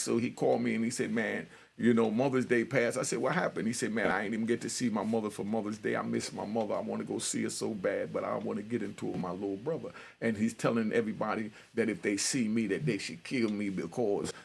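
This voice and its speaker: A middle-aged man with a gravelly, husky voice tells a story in loose street talk. He acts out both sides of old phone calls, slipping from one speaker to the other in an easy, conversational way. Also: medium pitch. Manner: street-talking, retells conversations with quoted voices. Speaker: storyteller host. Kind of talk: casual spoken storytelling.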